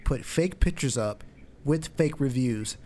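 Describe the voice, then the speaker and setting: A man talking in a relaxed, rambling way in casual conversation, full of "I mean" and "you know.". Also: mid-range voice, measured pace. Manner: laid-back, rambling, many fillers like "I mean" and "you know".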